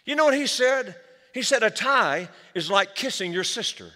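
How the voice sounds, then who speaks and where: A man's voice: high-pitched, lively intonation, normal speed, pushed and bright. A man preaching a sermon as pastor, with energy, calling the church for amens. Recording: long hall reverb.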